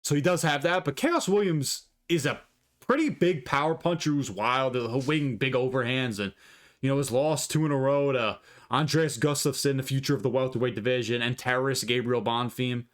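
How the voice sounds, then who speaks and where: A man's voice: mid-range voice, moderate pace. A man giving a casual fight breakdown and picks, blunt and profane, with lots of asides and restarts. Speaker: fight analyst.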